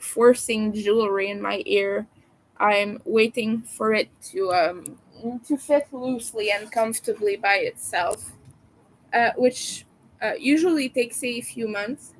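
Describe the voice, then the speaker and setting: Slow, hesitant Quebec-accented woman. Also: medium pitch, a bit bright. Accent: Quebec French. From Quebec, Canada. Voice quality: meandering, hesitant delivery full of fillers. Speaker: livestreamer. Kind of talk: casual live-stream chat.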